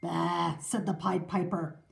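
A woman reading a children's math storybook aloud in an expressive, sing-song way. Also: fairly high pitch, unhurried, echoey room.

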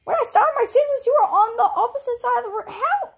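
A woman's voice: very high-pitched, lively intonation, fast talker. A woman voicing an annoyed plush character in a homemade comedy skit, hesitant and full of ums. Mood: confused.

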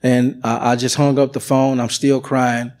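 A man's voice: medium pitch, level tone, moderate pace, darkish tone. A middle-aged man giving an earnest, emotional personal testimony at church. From United States.

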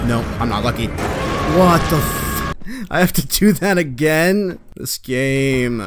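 Profane horror gamer yelling at the screen. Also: male voice, mid-range voice, expressive, slow, noisy background. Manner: profane, talks back at the game, bursts into loud panicked yelps. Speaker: let's play gamer. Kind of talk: horror game commentary.

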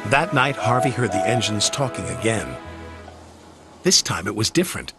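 A male narrator telling a children's storybook with a gentle, expressive delivery. His pitch moves a lot, and music plays underneath. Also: moderate pace. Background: background music.

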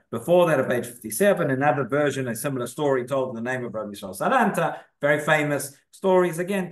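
A rabbi teaches a relaxed, conversational Torah class in a synagogue, reading sources aloud and often pausing or starting over. His voice sits somewhat high for a man, and the room adds a noticeable echo.

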